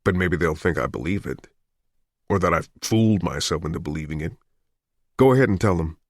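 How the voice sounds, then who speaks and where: Reader as a calm, calculating fugitive, deep and terse. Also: male voice, a little fast, no echo, clean studio sound. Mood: tense. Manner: quiet, clipped, controlled. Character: hunted wounded man, cool and calculating. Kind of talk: audiobook character voice.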